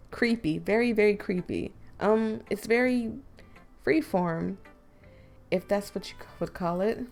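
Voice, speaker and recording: Giggly young woman with a gravelly voice. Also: medium pitch, slow pace, pauses often, a little mellow, soft background music. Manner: giggly, self-deprecating. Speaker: gaming YouTuber. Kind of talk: casual gameplay commentary.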